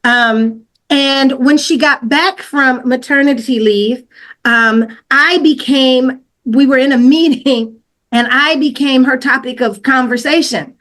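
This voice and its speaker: A fairly high-pitched woman talks casually through a personal work story on a podcast. She slips into slang, stops to restart her sentences, and puts energy into replaying her own side of the conversation. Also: takes it slowly. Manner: animated retelling, acts out her own quoted lines louder and higher. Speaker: podcast guest.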